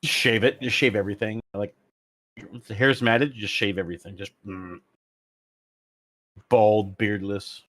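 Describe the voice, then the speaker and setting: A man chatting as a player in a tabletop game, explaining things haltingly with lots of fillers. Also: lowish voice, steady tone, a bit bright, dry recording. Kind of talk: casual tabletop game chat.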